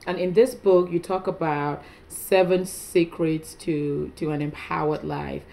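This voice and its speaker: A woman's voice: low voice, steady tone, unhurried, creaky, mellow, a little hiss or hum. A woman hosting a talk show, asking questions and affirming her guest. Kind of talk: interview hosting.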